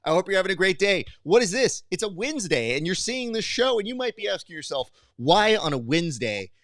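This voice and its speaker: Speaking fast in a high voice, this male podcast host tells stories in casual conversation, animatedly acting out the characters and their quoted back-and-forths. The audio is studio quality without echo.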